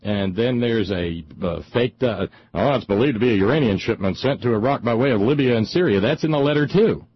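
A middle-aged man hosting a talk show, delivering an indignant, sarcastic political monologue with frequent halting repeats. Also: medium pitch, expressive, husky, no echo, highs cut off. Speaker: talk radio host.

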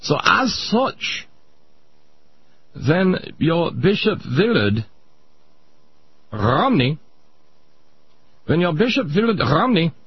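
A man's voice: a little high, sing-song, slow pace, long pauses, husky, heavily acted. A man voicing a pompous older Viennese psychiatrist in a radio comedy bit, lecturing in a thick mock-German accent. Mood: smug. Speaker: comedy sketch character. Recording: muffled radio broadcast.

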